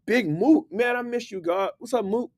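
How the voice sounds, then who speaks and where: A man hosting a casual motivational live stream, upbeat and slangy, giving shout-outs to his viewers. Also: extremely high pitch, moderate pace. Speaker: livestream host. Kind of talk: casual motivational livestream talk.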